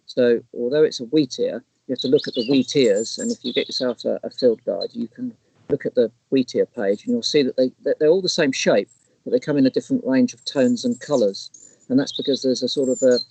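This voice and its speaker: A man's voice: mid-range voice, a little fast, darkish tone, husky, low-quality recording. A man co-hosting a casual live stream, explaining bird species in a rambling, chatty way with lots of restarts. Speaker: naturalist co-host. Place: outdoors in the countryside.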